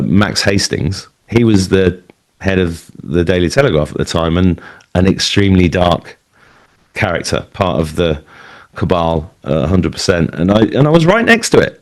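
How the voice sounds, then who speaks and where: Deep voiced british guy, 50s, rambly candid storytelling, keeps restarting sentences. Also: darkish tone. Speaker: guest speaker. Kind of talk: personal storytelling talk.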